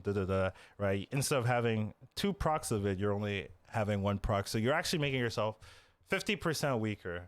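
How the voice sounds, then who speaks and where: A man hosting a casual game-strategy podcast, talking in an animated way and peppering his points with "you know" and "right?". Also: medium pitch, no echo. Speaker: podcast host.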